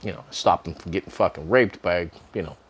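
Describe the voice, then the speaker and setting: A man's voice: sits low, fairly quick, slightly rough. A middle-aged man casually telling a personal story to camera, swearing freely and laughing often. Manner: profane, laughing often, animated.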